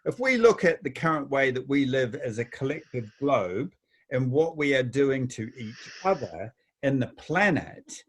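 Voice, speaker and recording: A man's voice: medium pitch, big pitch swings, a little slow, slightly rough. A man hosting a casual talk, rambling with many restarts and telling anecdotes. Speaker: host. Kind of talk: casual chat.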